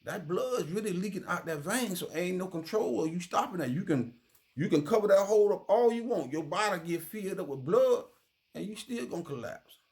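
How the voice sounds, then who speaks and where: Streetwise male commentator, gravelly and a little high, casual and conversational. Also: lively intonation, brisk, darkish tone. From Miami. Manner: streetwise, repeats "you feel me" often. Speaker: true crime commentator.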